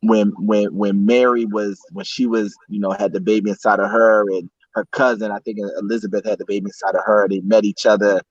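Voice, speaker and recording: A man's voice: on the low side, level tone, a little fast, hardly any pauses, husky, no echo. A man who is a guest author and coach, talking in a laid-back, playful way with emphatic interjections. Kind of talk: casual chat. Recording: dry, muffled lo-fi sound.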